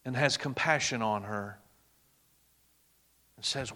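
A male preacher giving a dramatic sermon, dropping to a hush on quoted words. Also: fairly high pitch, animated, normal speed, long reverb tail.

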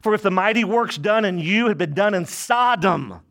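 High-voiced man preaching emphatically. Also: expressive, moderate pace. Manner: emphatic preaching that swings between raised and hushed delivery; rhetorical questions to the congregation. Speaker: pastor. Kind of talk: sermon.

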